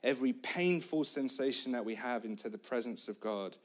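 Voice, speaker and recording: A man's voice: medium pitch, brisk. Man preaching a dramatic sermon. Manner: dramatic storytelling, swings from hushed to shouting.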